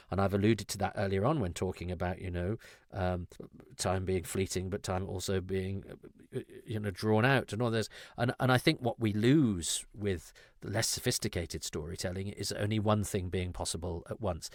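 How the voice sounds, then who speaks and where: A man's voice: deep voice, fairly even intonation, normal speed, no room sound, studio quality. A man hosting a podcast, talking in a rambling, self-interrupting, candid and reflective way. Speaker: podcast host. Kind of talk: casual conversational podcast discussion.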